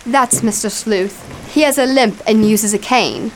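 A woman's voice: a little high, measured pace, slight background noise, lightly acted. An actress playing a timid, eager-to-please landlady in a radio drama, meek and deferential, calling her lodger sir. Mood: bustling. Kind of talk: 1940s radio acting.

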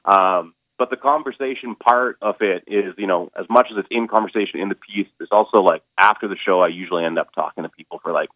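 Low-voiced man on a tinny phone line. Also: no room sound. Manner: halting, lots of fillers and restarts. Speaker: stage performer interviewed as a guest. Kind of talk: casual interview over the phone.

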